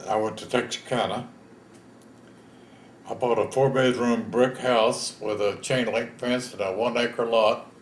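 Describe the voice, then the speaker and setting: A Texan veteran in his 70s tells his own story in a plain-spoken, folksy way during an oral history interview. His medium-pitched voice is steady and unhurried, recorded in an echoey room with slight background noise.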